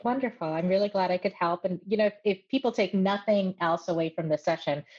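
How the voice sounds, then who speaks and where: A woman who runs a voice studio, speaking as a guest in a measured, articulate and friendly way. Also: mid-range voice, a little mellow, muffled recording. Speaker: voice coach. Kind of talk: interview guest.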